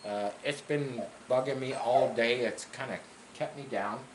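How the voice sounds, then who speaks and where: A man's voice: medium pitch, a little slow. A man casually hosting a workshop vlog from his home garage, rambling with lots of fillers. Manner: rambling, filler-heavy, chatty. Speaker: car builder hosting his workshop channel. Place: home garage with a wood stove. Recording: echoey garage with faint background noise.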